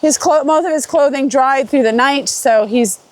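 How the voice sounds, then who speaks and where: A woman's voice: high voice, normal speed, a little mellow. A woman with a congested voice, chatting casually and rambling with many fillers while vlogging on an outdoor forest trail. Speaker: hiking vlogger. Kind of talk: casual vlog talk while hiking.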